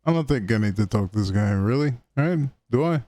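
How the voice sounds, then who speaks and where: A man streaming himself playing a video game, making unhurried, self-mocking asides. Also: medium pitch, lively intonation, mellow, no echo. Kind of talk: live game stream commentary.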